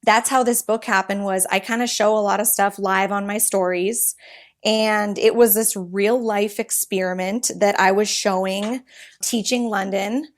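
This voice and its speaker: A woman in her thirties, a podcast guest, telling animated, rambling stories with quick restarts. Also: medium pitch. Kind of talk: casual interview storytelling.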